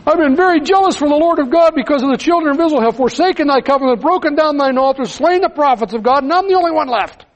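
A man's voice: very high-pitched, fast talker, hardly any pauses, voice pushed up, low-quality recording. A man voicing a weary, self-pitying male prophet in a strained, pleading tone. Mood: complaining.

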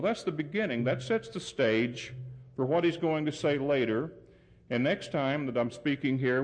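A man delivering a sermon in an earnest, emphatic way. His voice sits at a middle pitch, climbs when he drives a point home, and slows down for weight. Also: a little mellow. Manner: earnest, emphatic, rising pitch on key points, deliberate pauses. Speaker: preacher.

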